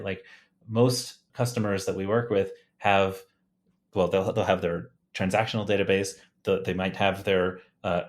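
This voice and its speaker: A man, a guest engineer on a podcast, talking about his work with enthusiasm and frequent restarts. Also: fairly low pitch. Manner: enthusiastic, fillers and restarts, light laughs. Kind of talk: casual technical chat.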